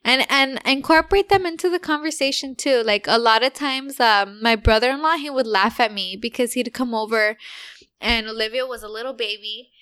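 Woman, high and bright, casual chat, lively storyteller. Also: moderate pace, smooth. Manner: animated storyteller, acts out quotes. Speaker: co-host, mother.

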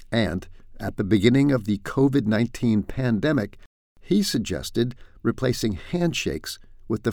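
Man, satirical news commentary, gravelly, lively low voice, dry close sound. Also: no room sound. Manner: dry, sardonic delivery with asides. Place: home in France.

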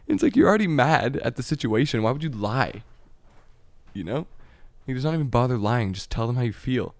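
A man rambles through a casual chat, swearing freely and laughing at his own points. His pitch sits in an ordinary middle range. The recording is dry and close, with no room sound. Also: expressive, brisk, creaky, no room sound.

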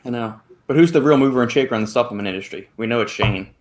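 A man hosts a podcast with easy, teasing banter. He laughs often between lines. His pitch is ordinary for a man. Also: rapid-fire. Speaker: podcast host. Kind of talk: casual podcast chat.

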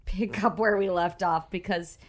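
A woman's voice: lowish voice, fairly even intonation, normal speed. A woman co-hosting a podcast in casual chat, talkative with frequent fillers and laughs. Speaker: podcast co-host. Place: at home in Los Angeles.

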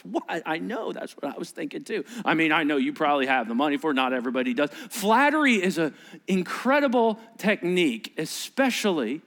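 A male pastor delivering a sermon, animated and joking, acting out little voices and sarcastic asides. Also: on the high side, a little fast.

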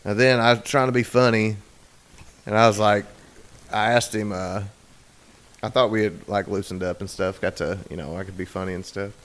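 A man's voice: fairly low pitch, steady tone, moderate pace, fairly bright tone. Guy rambling thru a crude story, swears a lot, does little voices for people. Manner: rambling, profane, acts out quoted voices. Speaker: podcast storyteller.

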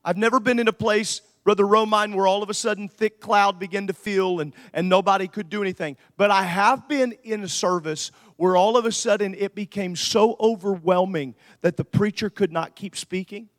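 Preacher guy, really high voice, goes quiet then shouts. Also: normal speed, few pauses. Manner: preaching, swings between quiet asides and shouted peaks. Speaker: pastor. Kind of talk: sermon.

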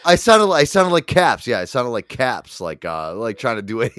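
A male podcast host who tells stories with swearing and laughter. His voice swings widely in pitch. The sound is dry and close. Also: moderate pace, no room sound. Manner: profane, laughing, animated storytelling. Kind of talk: casual chat.

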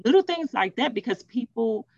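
A woman's voice: on the high side, moderate pace, vocal fry, dry recording, lo-fi sound. A woman in her thirties chatting casually on a podcast, telling stories and acting out the voices of people she quotes. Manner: animated, acts out quoted voices. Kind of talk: casual storytelling chat.

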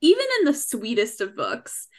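A woman's voice: fairly high pitch, wildly swooping pitch, normal speed, darkish tone. A young woman co-hosting a podcast, chatting frankly about a romance novel, gushing and laughing often. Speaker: podcast co-host. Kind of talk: casual book-club chat.

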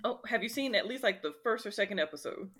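A woman on a podcast panel, chatting casually about a film and jumping into high voices when she quotes. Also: expressive, fast talker, a bit bright, breathy edge.

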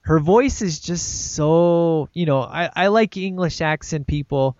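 A man's voice: on the high side, a little slow, darkish tone, no echo. A man chatting casually about a film he loves, enthusiastic and rambling, often tacking "man" onto his sentences. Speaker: podcast co-host discussing a film. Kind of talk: casual chat. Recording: dull dry lo-fi recording.

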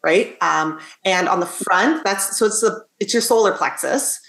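Calm explaining woman host, echoey. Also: mid-range voice, unhurried, vocal fry. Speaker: podcast host. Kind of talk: interview conversation. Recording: roomy echo.

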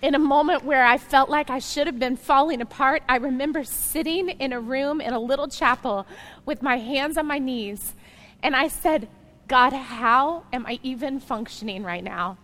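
High-voiced woman preaching a sermon. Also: moderate pace, a faint crowd. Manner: earnest preaching that swells into loud emphatic passages; direct appeals to the congregation. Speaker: pastor.

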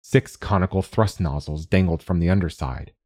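A man narrating a short story in a steady, measured way. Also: low-pitched, no echo, studio quality. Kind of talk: scripted narration.

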